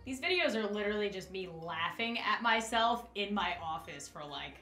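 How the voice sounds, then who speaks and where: Young woman YouTuber, very lively and bright, goofy and giggly, echoey room with faint music. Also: medium pitch, unhurried. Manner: giggly, goofy, talks to herself and the camera. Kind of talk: comedic filter-testing vlog. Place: home office.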